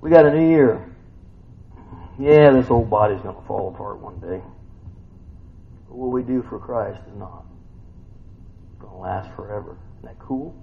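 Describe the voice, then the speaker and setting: A man in his fifties preaching a sermon in a folksy, conversational way, tossing in rhetorical questions and swinging from loud, high bursts to quiet, low reading. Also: unhurried, creaky, pauses often, a little hiss or hum. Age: 50s. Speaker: pastor. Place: church sanctuary. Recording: dull, lo-fi church recording with faint ambience.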